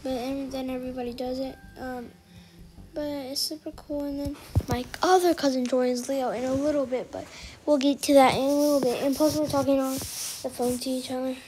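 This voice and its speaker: High-voiced rambling female gameplay narrator. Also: steady tone, normal speed, a little mellow, rough recording. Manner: rambling, chatty, easily annoyed. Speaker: gameplay commentator. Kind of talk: recorded voice-over of gameplay.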